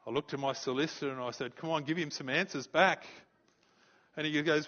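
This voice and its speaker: An Australian man, a pastor, preaching a sermon and telling a story, animated and stumbling over repeated words. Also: medium pitch, a little fast, lo-fi sound. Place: church.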